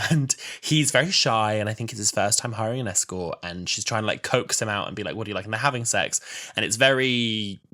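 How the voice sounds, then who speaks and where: Bright-voiced young man, animated chat. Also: fairly low pitch, fairly quick. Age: 20s. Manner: animated storyteller acting out quoted lines with laughter. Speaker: podcast co-host. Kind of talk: casual chat.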